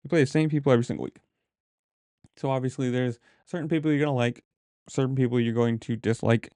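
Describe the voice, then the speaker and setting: A man recounts a poker table story in an easygoing, rambling way, full of "like" and "whatever". His voice is warm and mellow. The sound is dry and close, and now and then he drops to a mutter to call his own folds. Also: mid-range voice, fairly even intonation, fast, no room sound. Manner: rambling, conversational, with frequent filler words; mutters poker decisions to himself under his breath. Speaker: poker player telling a story. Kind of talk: casual storytelling vlog.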